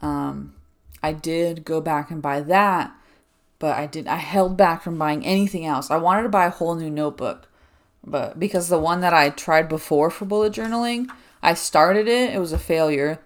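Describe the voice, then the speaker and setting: A woman's voice: low-pitched, normal speed. A young woman hosting a casual solo podcast, rambling and chatty with lots of "like" fillers, a little out of breath. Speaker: podcast host.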